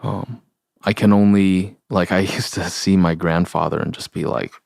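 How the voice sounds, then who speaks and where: A young man with a deep voice and a gravelly edge speaks as a podcast host, earnest and heartfelt. He talks in a halting way. The sound is dry, with no room around it. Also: steady tone, darkish tone, dry recording. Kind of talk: solo reflective podcast talk.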